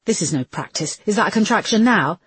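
A woman voicing a brisk woman police officer, speaking tersely and giving firm commands. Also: mid-range voice, animated, a bit bright, breathy edge, dry recording, voice pushed up.

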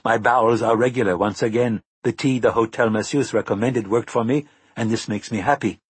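A man voicing an entranced, dreamy male diplomat with a faint Scandinavian accent, speaking flatly and oddly frankly. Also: medium pitch, brisk, husky, no echo, lightly acted. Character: dazed middle-aged male diplomat, entranced.

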